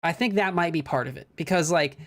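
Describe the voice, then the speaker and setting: A man's voice: a little high, a bit bright. Chatty Midwestern American man. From Minnesota, USA. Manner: chatty, quick and laughing easily. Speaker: disc golf stream co-commentator. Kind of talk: casual live-stream commentary.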